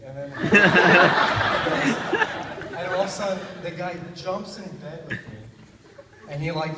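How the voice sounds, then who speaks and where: A young man tells a rambling stand-up story, laughing at his own jokes. His voice sits a little high. He is heard from far away in a big hall with a long echo and plenty of background noise. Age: young adult. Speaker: stand-up comedian. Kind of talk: stand-up comedy. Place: hall at a talent show.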